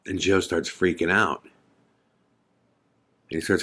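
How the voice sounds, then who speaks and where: A man's voice: deep voice, steady tone, measured pace, long pauses, fairly bright tone. A man hosting a podcast, telling a story in a casual, conversational way full of fillers and quoted dialogue. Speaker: podcast host.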